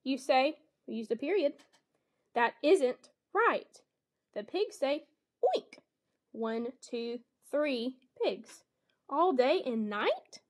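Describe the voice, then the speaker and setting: A woman's voice: sits high, animated, slow. Woman teacher modeling a picture-book lesson. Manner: explanatory, reads animal sounds with bright expression.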